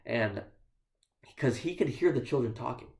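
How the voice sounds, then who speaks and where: A man's voice: mid-range voice, lively intonation, normal speed, vocal fry, darkish tone. A man speaking as a visiting missionary in church, telling stories with dry, self-deprecating humor. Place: church sanctuary. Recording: echoey church room.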